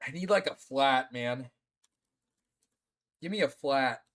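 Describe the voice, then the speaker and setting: A man's voice: medium pitch, slow pace, a bit bright. A young man livestreaming, teary and in pain, groaning and swearing as he talks casually to his chat. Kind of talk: casual live-stream chat.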